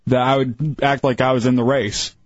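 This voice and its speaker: A man chats in a relaxed, agreeable way as a radio co-host. He sits at a middle pitch. The recording is dry and lo-fi. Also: moderate pace, no room sound. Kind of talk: casual radio banter.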